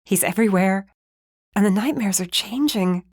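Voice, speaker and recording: A woman's voice: mid-range voice, expressive, normal speed, darkish tone, no echo, studio quality, voice pushed up, natural voice. A woman doing a shaken young mage pleading in whispers. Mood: anxious. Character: frightened, guilt-ridden young woman mage.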